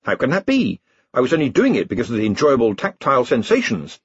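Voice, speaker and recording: A man's voice: mid-range voice, wildly swooping pitch, fast talker, slightly rough, no room sound. A man voicing a naive, earnest cave man who speaks simply. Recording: dull lo-fi dry recording.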